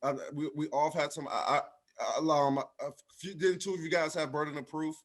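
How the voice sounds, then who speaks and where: A young man co-hosting a podcast, speaking casually and haltingly with stammered restarts. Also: on the high side. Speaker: podcast co-host. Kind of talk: casual chat.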